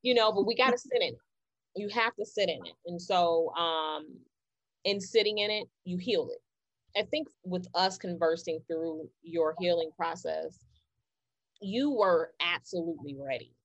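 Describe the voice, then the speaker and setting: A woman's voice: on the low side, moderate pace, no room sound, muffled recording. A woman hosting a conversation about healing, earnest and encouraging, often repeating phrases for emphasis. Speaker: podcast host.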